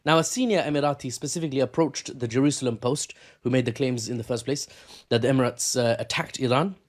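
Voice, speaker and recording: A man's voice: medium pitch, fast talker. A man giving casual news commentary, sarcastic and rambling, correcting himself often.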